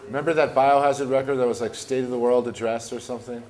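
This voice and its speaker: A man's voice: mid-range voice, fairly even intonation, fast talker, darkish tone. An American musician, a man, talking casually and swearing in an interview.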